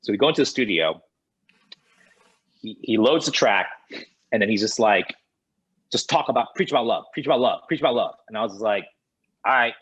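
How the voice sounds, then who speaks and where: A man guest on a podcast, telling a lively anecdote and acting out the dialogue of others. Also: on the low side, brisk, long pauses, breathy edge, rough recording. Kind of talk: animated storytelling in conversation.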